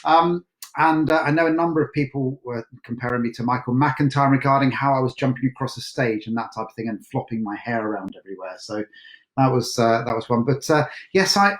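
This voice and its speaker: A man chatting casually as co-host of a home question session, wandering through his answers and making fun of himself. His voice sits mid-pitch and carries a noticeable room echo. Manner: chatty, self-mocking, rambling with fillers. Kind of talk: casual Q&A chat. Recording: echoey room.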